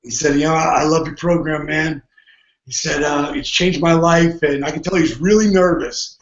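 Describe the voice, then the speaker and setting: High-voiced man telling a story with gusto. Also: moderate pace. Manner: energetic, laughs often, acts out quotes. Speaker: podcast guest. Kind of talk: animated storytelling. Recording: muffled, roomy audio.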